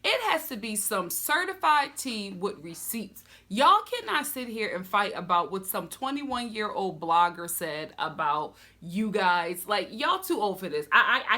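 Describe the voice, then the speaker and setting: A woman hosting a comedic reality TV recap vlog, sassy and animated, laughing often. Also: mid-range voice. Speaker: host of a TV recap channel.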